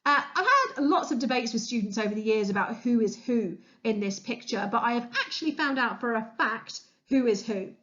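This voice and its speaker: A woman's voice: fairly high pitch, fairly quick, few pauses, fairly bright tone. Enthusiastic woman teacher, muffled audio. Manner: enthusiastic, chatty, with frequent fillers. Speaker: history teacher. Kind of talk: revision lesson voice-over. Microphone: voice-over over slides.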